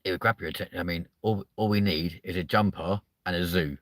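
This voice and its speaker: Male comedy host, crude rambling banter, bright voice, dry close sound. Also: sits low, steady tone, a little fast, no room sound. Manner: crude, rambling, swearing constantly. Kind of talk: casual comedic chat.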